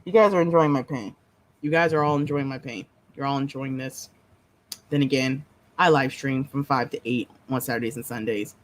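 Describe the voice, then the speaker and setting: A woman hosting a writing-sprint livestream, talking casually with a low, somewhat monotone voice and playfully dramatic banter. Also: moderate pace, rough recording. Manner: playfully dramatic, teasing banter with chat and partner.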